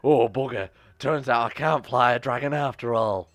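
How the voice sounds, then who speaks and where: A man voicing a hapless young exiled lord in a flat, sheepish mumble during a game playthrough. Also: medium pitch, normal speed, close to an everyday voice.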